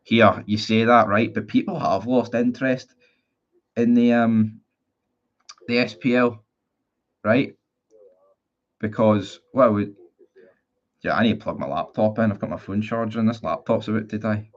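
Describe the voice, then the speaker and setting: Northern Irish young man, lowish voice. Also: fairly even intonation, a little slow, pauses often. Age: 20s. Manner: rambling, blunt, swears casually. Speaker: football fan streamer. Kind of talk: casual live-stream chat reading viewer comments. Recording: dull lo-fi sound.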